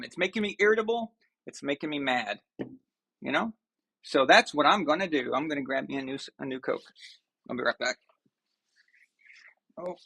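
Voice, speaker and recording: A man hosting a live stream from a room at home. His voice sits a little higher than most men's, and he rants with mock outrage that swings between loud bursts and muttered asides. He talks straight to his viewers in a loose, casual way. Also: husky. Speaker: host of a sports live stream.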